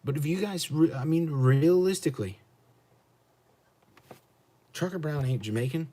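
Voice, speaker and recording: A man's voice: on the high side, lively intonation, measured pace, mellow. An American man, a truck driver streaming live, ranting bluntly and with profanity as he answers his chat, repeating his questions for emphasis. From United States. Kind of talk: livestream rant answering chat.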